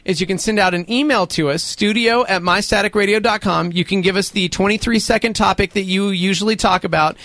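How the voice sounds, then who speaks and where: Brief: upbeat morning-show DJ, a man with a high, bright, bouncy voice. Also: brisk, hardly any pauses, no room sound. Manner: energetic, playful, shouts catchphrases. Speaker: radio morning show host. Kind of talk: lively morning radio banter.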